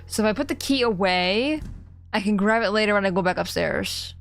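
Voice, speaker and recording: A woman's voice: mid-range voice, fairly quick, vocal fry. Giggly young woman streaming a game. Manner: giggly, chatty, easily startled. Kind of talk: casual live-stream commentary.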